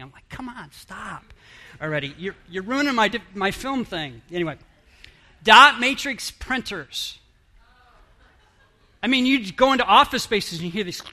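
A middle-aged man talks to a live audience in a loose, conversational way. His voice sits high for a man and sounds sharp and bright. He keeps asking the crowd questions and restarting his sentences. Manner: chatty, rambling, self-interrupting, asks the audience questions. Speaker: speaker addressing an audience. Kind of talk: interactive audience talk.

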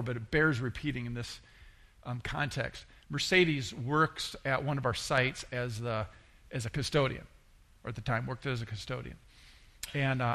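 A middle-aged male pastor preaching a sermon in a conversational storytelling way, acting out the people he quotes. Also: fairly bright tone. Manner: conversational, acts out quoted voices with rising pitch.

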